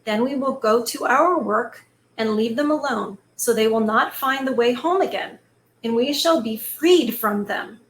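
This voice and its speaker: Harsh storybook stepmother, curt, commanding, voiced by a woman, high-ish voice, echoey room. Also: measured pace, a little hiss or hum, close to an everyday voice. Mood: scheming. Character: scheming cold stepmother, adult woman. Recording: echoey room, faint ambience.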